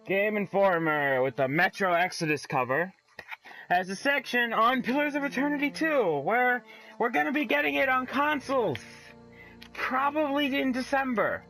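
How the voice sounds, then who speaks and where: A man's voice: very high-pitched, normal speed, bright, forceful tone, soft background music, low-quality recording. A man hosting a let's play, commenting casually in a profane, rambling way and reading aloud from a magazine.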